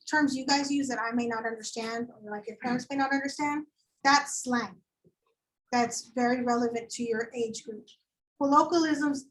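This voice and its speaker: A woman teaching a high school English lecture, chatty and animated, acting out quoted voices as she explains. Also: low-quality recording. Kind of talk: classroom lecture.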